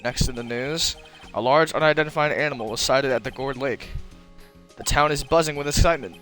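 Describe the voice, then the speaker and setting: A man reading a male TV news anchor's lines in a measured, announcer-like way. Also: mid-range voice, fairly bright tone, soft background music, natural voice. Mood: formal.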